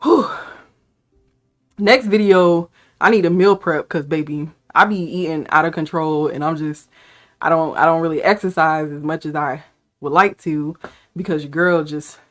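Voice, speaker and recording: A woman vlogger talking casually to camera in a playful, excitable way, hyping herself up. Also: sits low, moderate pace. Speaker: beauty vlogger.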